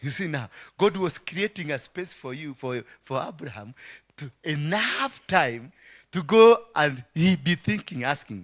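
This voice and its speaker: A Kenyan man preaching with a lively, animated delivery and a bright, forceful voice. He acts out the figures in his story, dropping to near whispers and then rising to cries and shouts. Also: fairly high pitch, a little slow. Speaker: pastor. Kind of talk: sermon.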